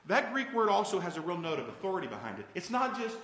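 A man's voice: sits high, very animated, quick pace, fairly bright tone, reverberant, big-room sound, poor audio. A male pastor preaching a conversational sermon, often asking his congregation questions. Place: church sanctuary.

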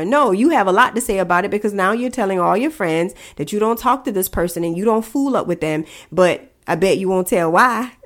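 A woman hosting a solo podcast and giving advice in a fast, emphatic, chatty way. Her voice is nasal and congested because she is sick. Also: mid-range voice. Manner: fast, emphatic, chatty, addresses listeners as guys. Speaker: podcast host.

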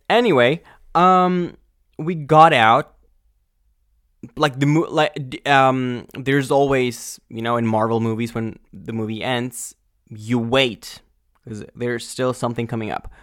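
A male podcast host ranting angrily and profanely in a casual monologue, full of fillers and sudden loud outbursts. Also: medium pitch, slow pace, no room sound, clean studio sound. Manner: angry, exasperated, profane.

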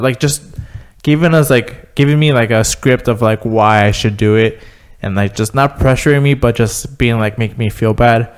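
A man's voice: mid-range voice, normal speed, few pauses, clean tone. A man chatting casually who fills his speech with "like" and acts out quotes. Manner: filler-heavy, says "like" constantly. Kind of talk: casual chat.

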